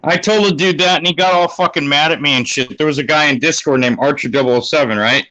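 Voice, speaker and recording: A man's voice: a little high, fast, sharp tone, poor audio. A man in a rowdy casual chat, telling crude, boastful stories.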